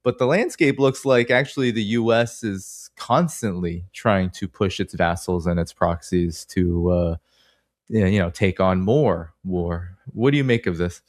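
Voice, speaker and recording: A man's voice: sits low, measured pace, dry recording, clean studio sound. A man with a Boston accent hosting an interview, asking long rambling questions full of fillers. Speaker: interview host.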